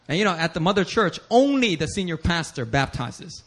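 A man preaching a sermon as pastor, telling stories animatedly with bursts of shouting and laughter. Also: on the high side, sing-song, fairly quick, hardly any pauses.

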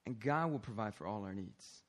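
A man preaching a lively, playful sermon, calling out to the congregation for responses. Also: lowish voice, moderate pace. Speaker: pastor.

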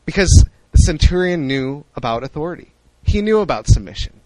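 A young man preaching a sermon in an animated way, acting out the voices he quotes. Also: on the high side, fairly quick, poor audio.

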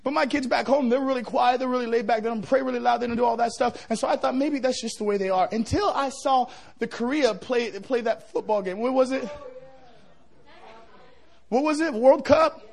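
A middle-aged male pastor preaching a revival sermon, joking with the crowd and building to shouts. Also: extremely high pitch, a little fast, creaky.

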